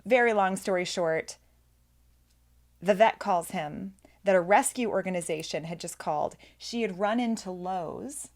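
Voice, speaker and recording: A woman's voice: fairly low pitch, a little slow. A woman co-hosting a casual podcast, telling a story animatedly and laughing often. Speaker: podcast co-host. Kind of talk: casual chat.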